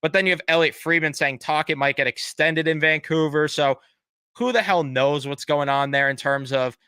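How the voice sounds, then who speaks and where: A young man with a bright, crisp, fairly high voice rants casually on a live stream. He swears bluntly and piles on sarcastic apologies. The sound is dry and close. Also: moderate pace, no room sound.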